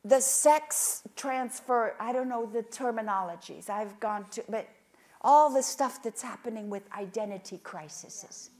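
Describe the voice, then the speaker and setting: A woman preaching at a conference with passion, dropping to hushed whispers and rising to loud outbursts as she tells stories and acts out prayers. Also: mid-range voice, moderate pace. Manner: storytelling with quoted prayers. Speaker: conference speaker. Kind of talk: sermon. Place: conference stage.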